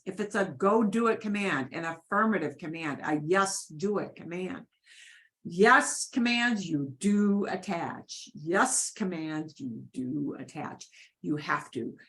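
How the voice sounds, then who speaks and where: A woman teaching a beginners' Spanish class in a chatty, informal way. Her pitch moves around a lot as she stresses points, and she keeps checking in with "okay" as she repeats the rules. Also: a bit bright. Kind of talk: explaining grammar to a beginner class.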